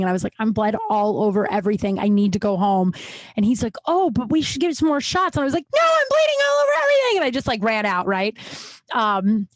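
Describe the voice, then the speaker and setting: A woman's voice: mid-range voice, darkish tone, no room sound. A young adult woman hosting a solo podcast, talking in a rambling, confessional way with lots of restarts and fillers. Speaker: podcast host. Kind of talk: candid solo podcast monologue.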